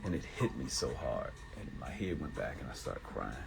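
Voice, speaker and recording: A man's voice: very deep voice, sing-song, moderate pace, vocal fry, noisy background. A middle-aged man hosting a casual solo talk show, talking in an earnest, emotional, rambling way with restarts. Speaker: host.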